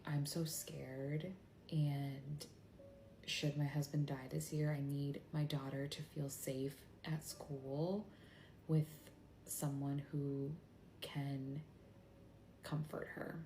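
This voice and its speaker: A woman in her thirties giving a tearful personal confession to camera, halting and often dropping into a hushed whisper as she cries. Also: sits low, roomy sound, slight background noise. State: crying. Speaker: mother sharing a personal video.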